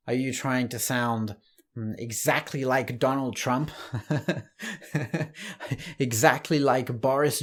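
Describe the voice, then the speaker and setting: A male English teacher talks through a casual online lesson at an unhurried pace. He sounds relaxed and conversational, with small laughs and restarts, and his voice sits at a middle pitch.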